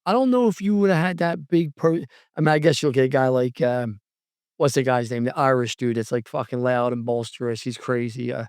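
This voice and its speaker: Animated, storytelling podcast host man. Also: brisk, clean tone, no echo, studio quality. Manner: animated storyteller, acts out quotes with pitch jumps. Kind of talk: casual podcast conversation.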